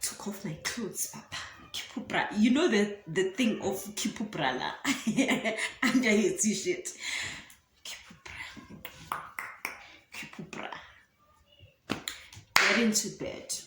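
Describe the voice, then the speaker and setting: A young South African woman vlogger with a South African accent, telling a personal story in an animated way and slipping into isiZulu words. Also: mid-range voice, unhurried, few pauses. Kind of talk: storytime vlog. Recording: roomy room with faint ambient noise.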